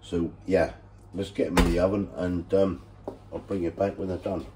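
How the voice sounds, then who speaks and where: A man presenting a casual home cooking video, relaxed and enthusiastic about the food. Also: sits low, moderate pace, noisy background.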